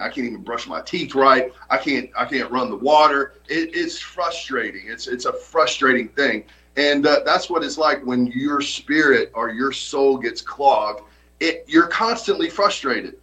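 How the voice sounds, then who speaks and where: A man's voice: mid-range voice, sharp tone, low-quality recording. A man preaching a sermon as pastor, earnest and emphatic, often repeating his points.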